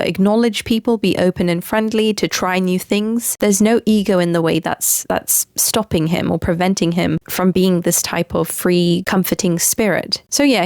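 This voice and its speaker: Chatty woman, low voice, dry sound. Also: a little mellow, no echo. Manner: enthusiastic, chatty, many fillers and restarts. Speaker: podcast host. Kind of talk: casual solo podcast commentary.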